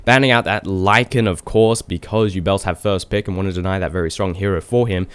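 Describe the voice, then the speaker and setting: A young man from Australia casts a game replay on his own, chatty and quick to poke fun at himself. His voice sits fairly low. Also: fairly even intonation, fairly bright tone, clean tone. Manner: chatty, self-deprecating asides. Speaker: esports caster. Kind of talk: solo game commentary.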